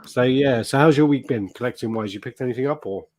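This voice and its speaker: A man hosting a casual podcast, telling a story in an animated way and acting out the people in it, with a lot of swearing. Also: medium pitch, fast talker, background noise. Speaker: podcast host. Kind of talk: casual chat.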